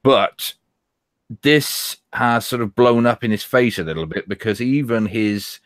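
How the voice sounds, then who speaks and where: An English man co-hosting a casual chat show, giving measured commentary. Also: mid-range voice, no echo, studio quality. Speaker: podcast co-host.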